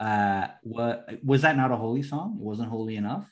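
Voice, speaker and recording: Casting: young male co-host, casual chat, excitable, salty-mouthed, middle-pitched voice. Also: normal speed. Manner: swears freely, excitable, laughs often. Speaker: podcast co-host.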